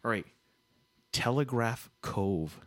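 A chummy Canadian game show host, put on by a man with a playful put-on accent, tacking "eh" and "buddy" onto his lines. His pitch bounces up and down lively, and the sound is close and dry. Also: slow, no echo. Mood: jovial. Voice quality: says "eh" and "buddy" constantly. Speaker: podcast co-host.

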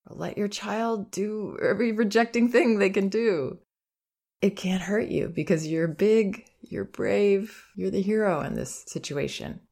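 A woman hosting a parenting advice podcast, speaking in a calm, gentle and reflective way, with soft laughs. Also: medium pitch, measured pace, vocal fry. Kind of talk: advice monologue.

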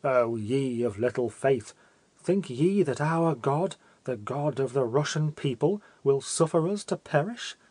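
A man's voice: mid-range voice, animated, a little slow, darkish tone, breathy edge, dry recording. A man doing a stentorian, preachy landowner. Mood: preaching. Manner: stentorian, solemn. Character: terrified rich male landowner, preaching.

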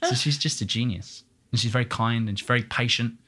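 A man talking as a guest, with a bright, forward tone and a husky edge to his voice. He is chatty and animated, and fills his stories with asides and imitations. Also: mid-range voice, a little fast. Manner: chatty and animated, full of fillers and quoted voices. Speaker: guest, stage performer. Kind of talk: casual interview chat.

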